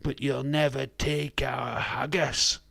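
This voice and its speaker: A man voicing a rowdy, defiant warrior with a booming battle-cry delivery. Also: fairly even intonation, slow pace, gravelly, a bit bright, husky, no echo, full character voice.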